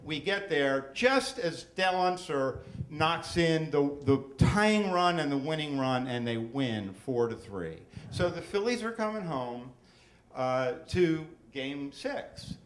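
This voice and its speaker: Man, 60s, live story slam teller, slightly high voice, chatty with stammered restarts, echoey room mic. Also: animated, slow. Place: stage in a room with an audience.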